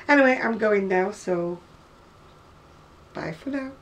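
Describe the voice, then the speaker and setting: A woman's voice: fairly high pitch, recorded from a distance, slight background noise. A woman in her sixties with a northern English accent, chatting casually and rambling to camera about her crafts, often laughing. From North West England. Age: 60s. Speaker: craft seller.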